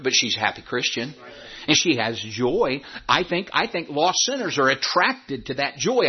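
Male pastor, high lively voice, sermon delivery, lots of rhetorical questions. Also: breathy edge, highs cut off. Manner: animated preaching with repeated phrases and rhetorical questions. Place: church sanctuary.

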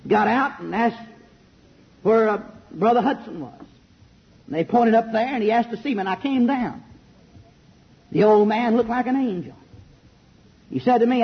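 A preacher with a very high, lively voice thunders through an old-time sermon, then falls quiet, then shouts again. He speaks into a handheld mic in a big church auditorium. The tape sounds dull and muffled. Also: breathy edge. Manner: shouting emphatic preaching, swinging loud and soft. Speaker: pastor. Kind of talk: fiery old-fashioned sermon. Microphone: handheld microphone.

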